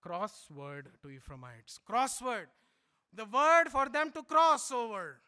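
A middle-aged man from India, preaching a sermon and swinging from loud emphatic lines to low quiet asides. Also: big pitch swings, measured pace, smooth.

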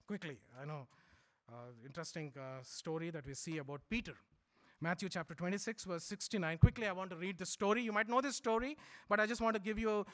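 This sermon comes from a middle-aged Indian man whose delivery shifts between forceful, loud lines and hushed asides.

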